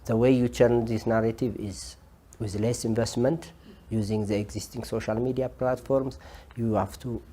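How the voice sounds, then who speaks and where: Ethiopian man, interview guest, dark and husky, halting delivery with many fillers. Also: medium pitch, fairly even intonation. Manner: hesitant, many filler sounds. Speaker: interviewed journalist. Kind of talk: interview answers.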